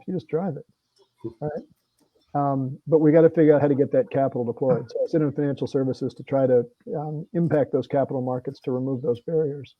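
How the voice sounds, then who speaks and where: A man's voice: medium pitch, no room sound, lo-fi sound. A middle-aged man, a congressman, talking earnestly and plainly with frequent restarts at a virtual meeting. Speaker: congressman guest. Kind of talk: conversational talk at a virtual meeting.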